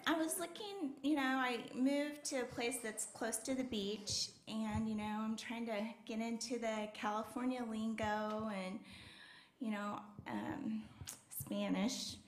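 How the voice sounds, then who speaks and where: A woman's voice: fairly high pitch, a little slow. A young woman doing a stand-up set, telling her story in a chatty way with lots of fillers. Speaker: stand-up comedian. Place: comedy club stage. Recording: roomy club with faint noise.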